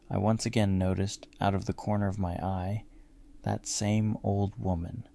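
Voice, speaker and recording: A man reading a first-person horror story aloud in a measured, grim storytelling manner. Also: lowish voice, gravelly, dark tone, a little hiss or hum.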